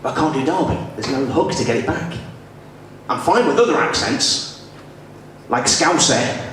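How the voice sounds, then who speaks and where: Young northern English stand-up, animated delivery, distant booming club recording, audience noise. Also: male voice, moderate pace, very echoey. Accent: generic northern English. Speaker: stand-up comedian. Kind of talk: stand-up set. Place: small comedy club stage. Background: audience laughter and room noise.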